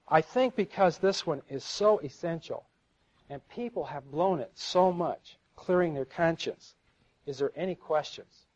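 A middle-aged man giving an earnest sermon-style talk to a live audience, telling stories and stumbling over repeated words. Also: on the high side. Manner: earnest, storytelling, repeats words when stuck. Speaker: seminar speaker. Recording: dull lo-fi live recording.

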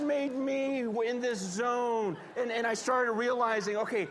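A man preaching a sermon in a lively, conversational way, with self-deprecating jokes and acted-out quotes. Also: very high voice, unhurried, few pauses, noisy background. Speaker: pastor.

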